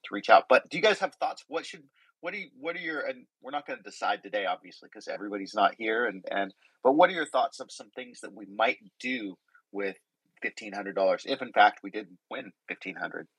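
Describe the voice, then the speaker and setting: A man's voice: lowish voice, lively intonation, fairly quick, a bit bright, slightly rough, no room sound, low-quality recording. A man hosting a casual group conversation, welcoming and rambling with many restarts, in a slightly sick voice. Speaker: host. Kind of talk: casual group chat on a live audio stage.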